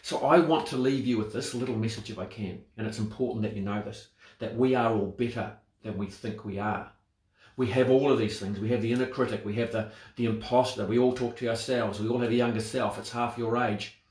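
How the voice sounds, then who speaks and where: A man's voice: mid-range voice, steady tone, fairly quick, darkish tone. Reflective man in an echoey room. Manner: reflective, asks rhetorical questions. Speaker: speaker on mental wellbeing. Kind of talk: motivational talk to camera.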